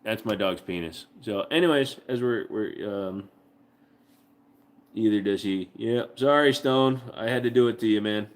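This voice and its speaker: A man's voice: on the low side, measured pace. A man hosting a casual livestream from home, joking with profanity and cooing baby talk to his dog. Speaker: livestream host.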